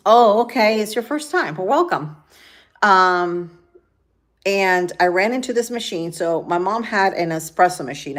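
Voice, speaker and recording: A woman in her fifties from Spain chats on a cooking livestream from her home kitchen. She rambles along with plenty of fillers, her voice sitting a little low. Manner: chatty, rambling, with many fillers. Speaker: livestream host. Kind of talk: casual livestream chat while cooking.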